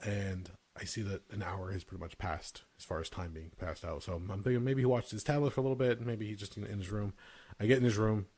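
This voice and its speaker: A man in his thirties hosts a podcast, speaking fast in a lowish, slightly mellow voice with fairly even intonation. It's casual storytelling chat, loaded with swearing and laughter.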